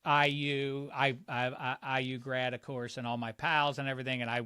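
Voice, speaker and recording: A middle-aged man from around Pittsburgh with a warped, hard-to-place American accent, chatting as a guest on a sports podcast, animated and jokey with quick comic impressions. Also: medium pitch, smooth, no echo, studio quality. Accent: warped, hard-to-place Pittsburgh-influenced American. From Pittsburgh area. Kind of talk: casual sports podcast chat.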